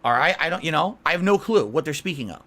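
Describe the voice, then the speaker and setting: A man's voice: fairly high pitch, animated, fast talker, bright, forceful tone. A man in an interview, talking in a rambling, defensive and emotional way. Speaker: content creator being interviewed.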